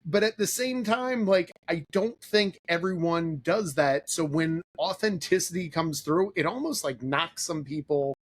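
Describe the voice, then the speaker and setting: A man with a fairly high voice hosts a podcast conversation in a relaxed, meandering way. He strings thoughts together loosely and fills the gaps with "like" and "um." His delivery stays easygoing throughout. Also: a little slow, few pauses. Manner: rambling, filler-heavy, leans on "like". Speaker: podcast host. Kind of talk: casual interview chat.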